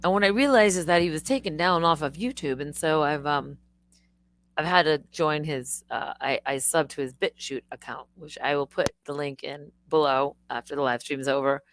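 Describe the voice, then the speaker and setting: A middle-aged woman hosting a live stream, telling stories in a rambling, animated way with swearing and restarts. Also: low-pitched, normal speed. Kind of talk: casual live-stream monologue.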